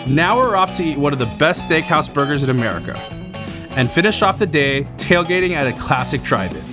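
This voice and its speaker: A man's voice: a little high, big pitch swings, a little fast. A man reading an upbeat scripted voice-over for a food show. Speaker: narrator. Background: background music.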